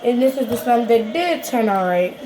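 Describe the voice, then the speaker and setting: A woman's voice: on the high side, lively intonation, normal speed, noisy background. A woman with a Washington DC accent, chatting casually as she talks viewers through a how-to video in a slangy, rambling way. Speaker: vlogger.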